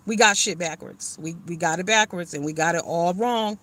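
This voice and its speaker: A woman's voice: on the low side, a little fast, few pauses, bright, forceful tone. A woman hosting a livestream, ranting bluntly with plenty of swearing and greeting viewers by name. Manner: blunt, profane, fired-up. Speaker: livestream host. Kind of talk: livestream chat and rant.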